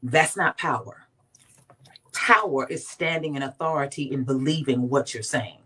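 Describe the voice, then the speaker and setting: With a bass voice that's slightly rough, she talks at a moderate pace. She's a D.C. woman guesting on a faith talk show, animated and emphatic, acting out each quote as she tells the story.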